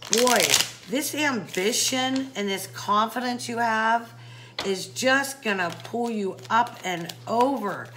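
A woman's voice: a little high, slow, noisy background. A woman doing a casual tarot reading to camera, chatty, with many fillers and talking straight to the viewer. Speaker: psychic tarot reader.

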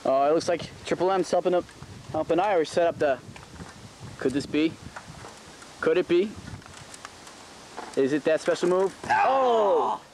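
A man giving excited play-by-play commentary on a backyard wrestling match, gasping "oh" at every move. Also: a little high, unhurried, long pauses. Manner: excitable, frequent gasps of "oh". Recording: noisy outdoor camcorder audio.

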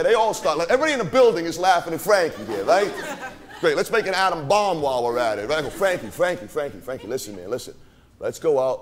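A man playing a brash street tough, high voice. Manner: swaggering, profane, keeps asking "right?". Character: brash streetwise young man telling a brawl story. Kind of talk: live stage character monologue. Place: theater stage.

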